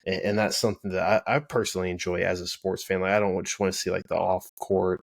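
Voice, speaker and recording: A man who is a podcast guest, talking in a measured, thoughtful casual chat with some restarts. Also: sits low, level tone, gravelly, dry recording, clean studio sound. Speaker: podcast guest, sports commentator.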